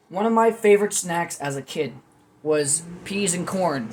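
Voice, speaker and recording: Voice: mid-range voice, normal speed, a little hiss or hum. A young adult vlog host rambling through a casual food video with jokey, self-mocking commentary.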